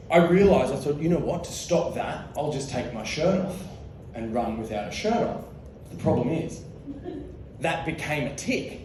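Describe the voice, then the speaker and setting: Lively, high-voiced Australian man on stage. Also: very echoey, far from the mic, slight background noise, rough recording. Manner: laughing often, mimicking voices in his stories. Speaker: keynote speaker. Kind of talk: comic keynote talk on stage. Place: large hall with live audience.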